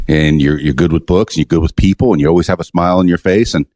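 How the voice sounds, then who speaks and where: A man's voice: deep voice, fast talker, darkish tone. A man hosting a casual podcast interview, chatty and joking, often restarting his words. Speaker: podcast host.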